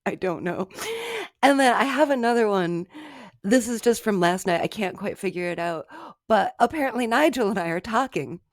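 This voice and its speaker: A woman's voice: mid-range voice, lively intonation, fairly quick, no echo. Giggly woman podcast co-host, dry sound. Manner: giggly, self-amused storytelling. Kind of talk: casual chat.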